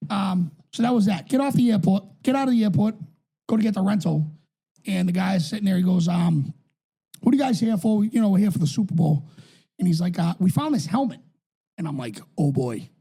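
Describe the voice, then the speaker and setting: A man in his thirties from New England, a podcast co-host and youth football coach, telling rambling, profane stories in casual chat; his voice sounds higher than his build suggests. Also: lively intonation, fairly quick, mellow, breathy edge.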